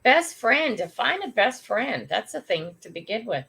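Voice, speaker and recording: A woman's voice: fairly high pitch, big pitch swings, normal speed, creaky, pushed and bright, slightly rough. An older woman hosting a casual morning livestream from home, chatting, greeting viewers by name, and laughing often. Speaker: livestream host.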